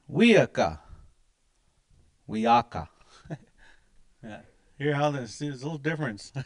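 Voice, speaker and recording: A man teaching words in a language class, patiently repeating each word many times. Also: a little high. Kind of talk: slow, repetitive pronunciation lesson.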